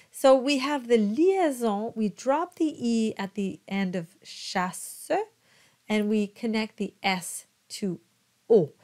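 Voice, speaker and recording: Slow, patient female diction coach. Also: on the high side, a little mellow. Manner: patient, spells out letters and models each word slowly. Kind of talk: slow, careful pronunciation coaching.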